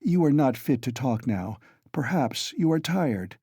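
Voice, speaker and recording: A male narrator voicing a proud young woman, impetuous and quick to flare. His pitch rises well above its usual place and moves in lively swings. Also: no room sound, clean studio sound. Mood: earnest. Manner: quick-tempered, then gentle.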